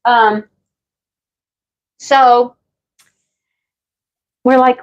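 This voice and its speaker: A woman's voice: fairly high pitch, fairly even intonation, slow pace, pauses often, highs cut off. A middle-aged woman livestreaming, casually telling a story to her chat, laughing often and answering viewers by name. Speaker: livestream host.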